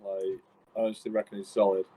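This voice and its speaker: A man's voice: lowish voice, flat delivery, fast, warm tone, poor audio. A man playing in a tabletop role-playing game, talking casually in a rambling, unsure way with many fillers. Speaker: player.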